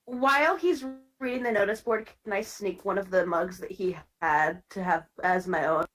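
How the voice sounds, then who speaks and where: A woman playing a tabletop game, eager and quick to ask the game master questions. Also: mid-range voice, fairly bright tone, poor audio. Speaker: player. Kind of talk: casual tabletop play.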